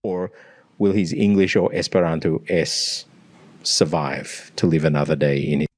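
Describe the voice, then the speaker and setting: A man's voice: very deep voice, normal speed. An Australian man working as a language coach, explaining pronunciation and demonstrating sounds aloud in a teacherly way. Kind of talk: explanatory analysis.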